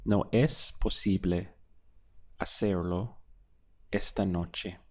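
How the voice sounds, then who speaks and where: A man teaching a language lesson, prompting a phrase and then answering it slowly, word by word. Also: deep voice, steady tone, darkish tone. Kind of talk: slow drill-style language lesson.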